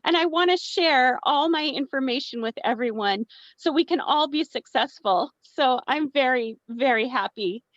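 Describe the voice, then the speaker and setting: Casting: high, bright-pitched woman, teary and grateful; dry, muffled call sound. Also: animated, normal speed, dry recording. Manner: emotional, grateful. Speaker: team member. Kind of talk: thank-you speech on a team call. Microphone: online group call.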